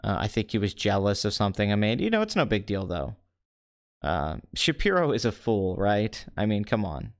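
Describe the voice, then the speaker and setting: Deadpan low-voiced male film host. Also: moderate pace. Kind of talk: comedic box office chat.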